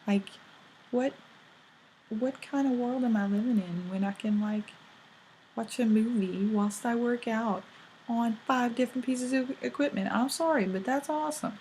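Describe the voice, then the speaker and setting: A woman's voice: a little high, a little slow, darkish tone, a little hiss or hum, low-quality recording. A young woman from England with a British accent, chatting in a bubbly vlog full of likes and ums. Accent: British English. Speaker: vlogger. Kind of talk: casual vlog monologue.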